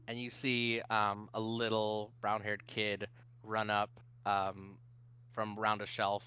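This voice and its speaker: Bright-voiced man narrating a game. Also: fairly low pitch, monotone, a little slow, clear, resonant tone, highs cut off. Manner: hesitant, many fillers. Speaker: dungeon master.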